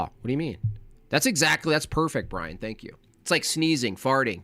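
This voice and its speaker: A man's voice: medium pitch, very animated, brisk, sharp tone, no room sound, faint music behind. A man hosting a live reaction stream, his talk combative and openly scornful. He slips into silly mimicking voices to mock the people he argues against. The sound is dry and close, with no room around it.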